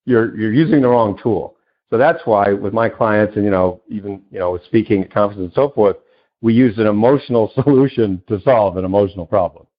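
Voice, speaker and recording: Talking fairly quickly, this man is being interviewed on a podcast as a self-help author and coach. He enthusiastically performs small dialogues with big leaps in pitch, captured in dull lo-fi audio.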